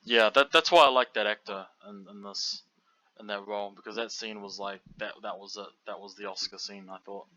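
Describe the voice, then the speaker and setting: A man's voice: brisk, no echo. A man co-hosting a casual film podcast, loose and full of fillers. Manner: loose and animated, many fillers, jumps high when mocking. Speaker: podcast co-host. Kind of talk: casual chat about films. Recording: dull lo-fi audio.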